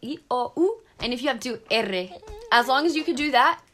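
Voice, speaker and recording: A woman co-hosts a casual podcast, talking with lots of animation and frequent laughter. Her voice sits a little high and swings widely in pitch. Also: brisk. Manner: animated and chatty, laughs often. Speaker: podcast co-host. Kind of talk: casual chat.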